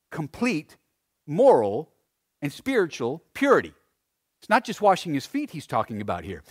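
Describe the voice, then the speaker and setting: Man, pastor, sermon, fairly high voice, very animated, hushed-to-emphatic swings. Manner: dramatic swings between loud emphasis and hushed, quiet phrases; repeats and restarts words when emphasizing.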